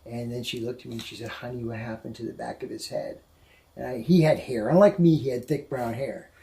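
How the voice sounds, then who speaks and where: A man, a guest on the show, telling an emotional personal story indoors, halting and repeating himself when upset. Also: medium pitch, steady tone, vocal fry, warm tone, rough recording. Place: indoors at a house museum.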